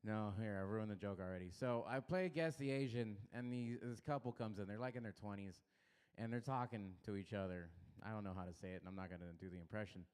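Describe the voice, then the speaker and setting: A man's voice: lowish voice, quick pace, a little mellow, clear, resonant tone. A young man doing a rambling, self-deprecating stand-up set in a small comedy club. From Los Angeles area.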